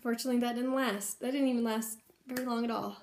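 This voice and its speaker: A woman's voice: a little high, fairly even intonation, fast, darkish tone, slight background noise. Chatty young woman telling a story. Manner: chatty, heavy use of "like" and "um"; earnest, emotional retelling. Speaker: vlogger sharing a personal story. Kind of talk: casual personal storytelling.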